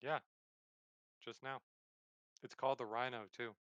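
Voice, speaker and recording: A man playing a tabletop game, talking in character in a quiet, hesitant, casual way. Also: mid-range voice, steady tone, unhurried, clear, resonant tone, no echo, lo-fi sound. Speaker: player.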